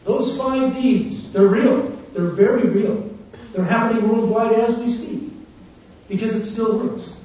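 Fervent preacher in an echoey hall. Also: male voice, extremely high pitch, measured pace, slight background noise. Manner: fervent storytelling, swinging from hushed to loud. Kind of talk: sermon testimony. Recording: muffled, echoey, distant church recording.

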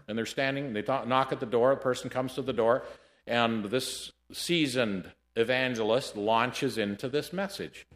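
A man delivering a sermon in an easy storytelling manner. His voice sits at a middling pitch and swings between quiet, low passages and loud, emphatic peaks. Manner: storytelling, lively shifts between hushed and loud. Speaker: preacher. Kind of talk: sermon with anecdotes.

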